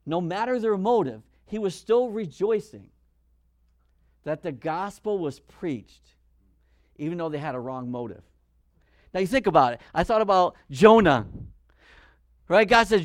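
Animated high-voiced male preacher. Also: no room sound, studio quality. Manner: animated, acts out Bible figures in quick voices. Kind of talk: sermon.

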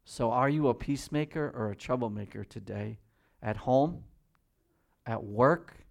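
A man preaching a sermon as pastor in a church, swinging between loud pleading and hushed prayer. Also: mid-range voice, unhurried, vocal fry.

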